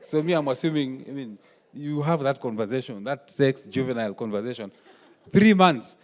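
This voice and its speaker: Guy giving a workshop talk, lively storyteller, voices the dialogue, echo from a big hall. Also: mid-range voice, moderate pace. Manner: animated, acts out family dialogue. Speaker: workshop speaker. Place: conference hall. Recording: reverberant hall.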